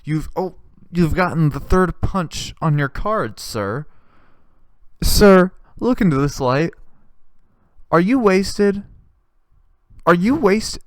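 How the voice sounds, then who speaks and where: A man putting on a loud mocking cop. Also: high-pitched, lively intonation, slow, long pauses, dry recording, pitched above the performer's own voice. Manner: sarcastic, shouting congratulations. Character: loud mocking male police officer.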